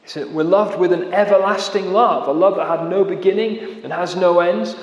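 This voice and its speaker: A man preaching in a big, echoey hall where every word rings on with a long tail of reverb. His voice sits a little high for a man. He is earnest, slows down to lean on key words, and lets phrases fall away to near silence. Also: dull audio. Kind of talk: sermon.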